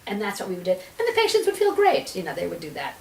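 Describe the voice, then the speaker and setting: A woman's voice: mid-range voice, quick pace, gravelly, slight background noise. A woman guest in a podcast interview, telling a story with energy and acting out the dialogue she quotes. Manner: lively storyteller who acts out quoted dialogue. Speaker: guest, energy healer and author. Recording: echoey room, voice a little far from the mic.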